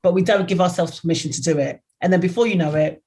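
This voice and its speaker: A woman's voice: on the low side, fast talker, dark tone. A woman PR expert giving a motivational talk, direct and earnest, coaching the listener step by step. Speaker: guest, PR expert.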